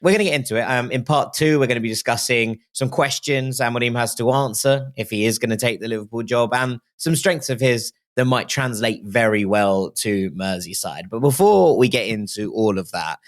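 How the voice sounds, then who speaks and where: A man hosting a casual football podcast, friendly and measured, sometimes hesitant. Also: mid-range voice. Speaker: podcast host.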